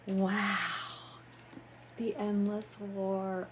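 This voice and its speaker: A young adult woman hosting a book channel, chatting casually and gushing with excitement as she unboxes books at home. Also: medium pitch, measured pace, slight background noise. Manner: gushing, excited, calls viewers "you guys". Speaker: booktube host. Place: home room with ring light.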